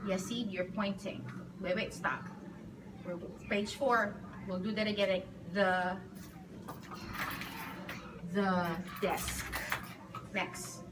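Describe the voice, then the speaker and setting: A woman teacher with a medium-pitched, fairly even voice talks extremely slowly and pauses often as she patiently prompts young children and draws out words in a guided reading lesson. It's a school classroom, noisy, recorded on a device set some distance away.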